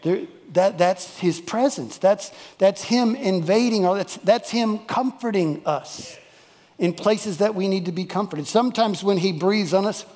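High-voiced pastor preaching. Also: male voice, unhurried, darkish tone, in a large hall. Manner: folksy, emphatic, repeats key phrases. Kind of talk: sermon. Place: church worship service.

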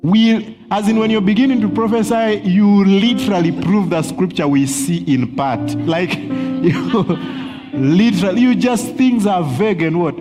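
A man's voice: sits high, unhurried. A man teaching on prophecy in a sermon style, earnest, chuckling often and repeating words as he searches for them. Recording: long hall reverb with faint music.

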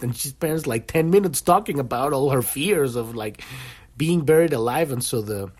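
A man talks through a spiritual podcast episode on his own. He speaks loosely, repeats words as he restarts, and slips into quick acted voices when he retells stories. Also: medium pitch, slightly rough. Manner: animated, many restarts, acts out quoted voices. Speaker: podcast host. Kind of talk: spiritual monologue.

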